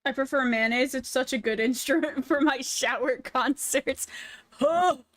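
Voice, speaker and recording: A woman's voice: sits high, steady tone, a little slow, a bit bright, no room sound, studio quality. A young woman streaming while she draws, chatting casually in a goofy, joking way. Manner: goofy, playful, jokey. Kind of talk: casual chat while drawing.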